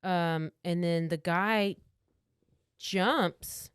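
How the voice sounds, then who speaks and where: She speaks extremely slowly in a lowish, clean voice, recorded in studio quality with no echo. As a podcast co-host, she casually narrates a true crime case, peppering it with "like" and acted-out quotes.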